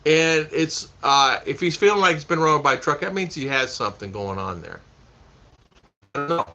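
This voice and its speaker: Bright-voiced rambling man on a livestream. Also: a little high, animated, moderate pace. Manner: rambling, repeats himself, laughs a lot. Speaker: vlog host reading live chat. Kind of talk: casual livestream chat. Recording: dull lo-fi stream audio.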